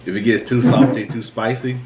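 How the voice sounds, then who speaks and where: A man joining an eating video, talking in a relaxed, easygoing way between bites. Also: mid-range voice, a little fast. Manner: laid-back, short murmured replies. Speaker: guest. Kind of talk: casual chat while eating. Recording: echoey room with background noise.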